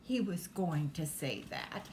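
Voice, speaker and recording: A woman reading aloud gives voice to a knowing storybook cat who makes dry, deadpan remarks in a slightly lowered tone. The delivery stays slow and unhurried, with faint room noise behind. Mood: wry.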